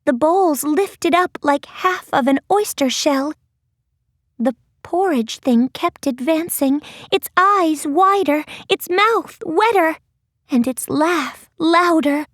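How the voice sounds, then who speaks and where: Slow, high-voiced woman narrating a storybook. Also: expressive, fairly bright tone, dry recording, studio quality. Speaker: audiobook narrator. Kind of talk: scripted narration.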